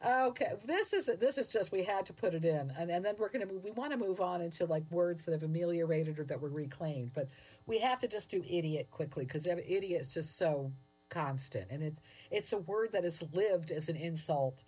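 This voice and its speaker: A woman's voice: fairly low pitch, lively intonation, normal speed, a little mellow, breathy edge. A woman co-hosting a casual chat about word origins, explaining with wry chuckles. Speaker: podcast co-host.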